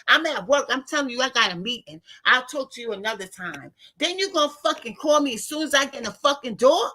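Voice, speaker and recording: High, bright-voiced fifties woman ranting. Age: 50s. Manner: profane, blunt and indignant. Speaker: vlogger talking to her live viewers. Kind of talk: casual ranting monologue.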